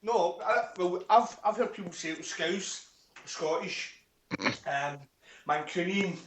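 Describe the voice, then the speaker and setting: Male caller, slightly high, wry and halting, roomy echo with faint noise. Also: a bit bright. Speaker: caller guest. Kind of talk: casual football chat.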